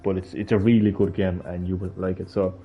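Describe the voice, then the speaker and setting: The lo-fi audio captures a gaming streamer whose low voice barely moves in pitch as he talks briskly. Chatting casually on his live stream, he swears and rants with put-on outrage over faint game music.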